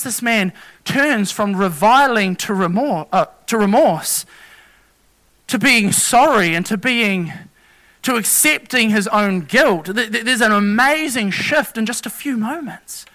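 An earnest male preacher with a high, bright, ringing voice. He talks through scripture in a plain, personal way, stumbling and restarting mid-phrase as he explains each point. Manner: earnest, halting with restarts and self-corrections. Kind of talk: sermon.

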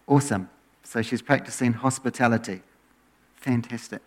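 Male pastor, easygoing conversational sermon, phrase endings drop off softly. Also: mid-range voice, moderate pace. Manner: relaxed, often trails off quieter at phrase ends.

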